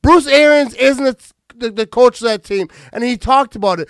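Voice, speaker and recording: A man's voice: very high-pitched, moderate pace, clear, resonant tone, no room sound. A man co-hosting a post-game show, furious and swearing, stumbling over his words. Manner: angry, swearing, stammering. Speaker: co-host. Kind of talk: angry post-game chat. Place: dark room, light off.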